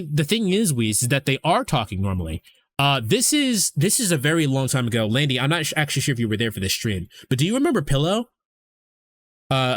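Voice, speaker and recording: A man's voice: medium pitch, a little hiss or hum. Rambling young man chatting on stream. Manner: rambling, swears freely, many fillers and restarts. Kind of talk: casual stream chat.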